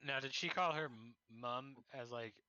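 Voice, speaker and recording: A man's voice: medium pitch, moderate pace, bright, forceful tone, clear, resonant tone, dry recording, highs cut off. A young man playing a tabletop game, chatting casually and asking questions. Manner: curious, asks questions. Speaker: player. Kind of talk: casual chat.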